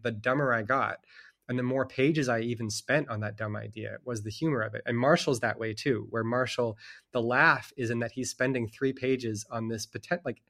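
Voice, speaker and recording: A man's voice: medium pitch, vocal fry, a bit bright. A middle-aged man, a children's book author, chatting casually as a guest, rambling and chuckling with lots of "like" fillers. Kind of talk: casual conversation about books.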